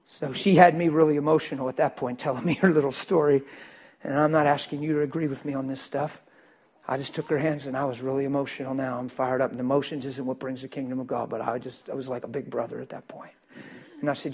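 A man preaching as a pastor, telling a story to his congregation, swinging between loud bursts and hushed, quiet lines. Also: medium pitch, steady tone, quick pace, husky. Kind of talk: sermon storytelling.

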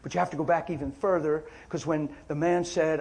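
A man preaching an impassioned sermon, firing rhetorical questions, repeating phrases, and swinging from shouting to near whispers. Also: a little high, fairly even intonation, a little fast.

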